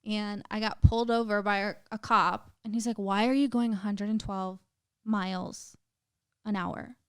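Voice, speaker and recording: In casual podcast chat, a young female guest emotionally recounts something painful from her life, leaning heavily on "like" and cursing now and then. She speaks mid-range and steady at a moderate pace, with a clean tone, no echo, and a clean studio sound.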